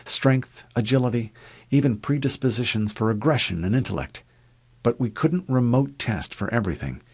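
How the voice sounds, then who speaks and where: A man's voice: mid-range voice, lively intonation, husky, lo-fi sound, voice pushed up. A clinical, guarded woman scientist, as a male narrator puts her on. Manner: measured, clinical, quietly firm. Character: cool, guarded female scientist, middle-aged.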